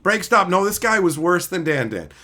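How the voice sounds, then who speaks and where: A middle-aged man chatting casually on a live stream, reading chat and telling animated, profane stories. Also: sits high, normal speed. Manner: animated, profane storytelling, mimics people.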